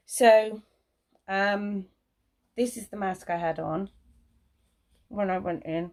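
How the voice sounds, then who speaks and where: A woman's voice: takes it slowly, pauses often, a little mellow. Rambling woman telling a story. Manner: rambling, restarts and repeats words; acts out quotes in a higher voice. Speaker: vlogger. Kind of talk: casual storytelling vlog.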